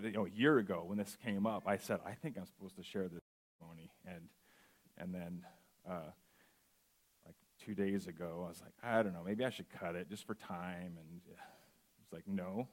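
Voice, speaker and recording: Earnest low-voiced guest preacher, man. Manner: earnest, reads scripture then slows into a personal testimony. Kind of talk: sermon.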